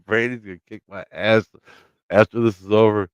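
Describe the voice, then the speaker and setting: A man with a very low, smooth voice chats on a live stream from his home. He tells a story loosely, swears freely and acts out what people said. The sound is close and dry but a bit dull. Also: steady tone, normal speed, no echo. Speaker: livestream host. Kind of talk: casual live-stream chat. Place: home, by his laundry room.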